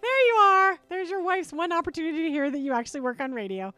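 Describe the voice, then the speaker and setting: A woman's voice: high voice, sing-song, racing, no room sound. A middle-aged woman hosting a casual radio talk show from a studio, chatty and playful, laughing often. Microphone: studio microphone.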